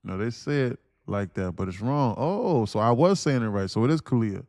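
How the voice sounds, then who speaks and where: A man's voice: mid-range voice, animated, normal speed, hardly any pauses, darkish tone, dry recording, clean studio sound. A man streaming live day trading, talking casually and laughing as he reads chat aloud. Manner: laid-back, chuckling, reads chat aloud.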